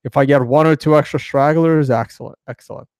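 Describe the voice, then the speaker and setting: A crypto trading host talks through charts in a casual, rambling way, full of fillers and restarts. His voice sits a little high and sounds darkish, clear and resonant, with fairly even intonation and a fairly quick pace. The recording is studio quality with no room sound.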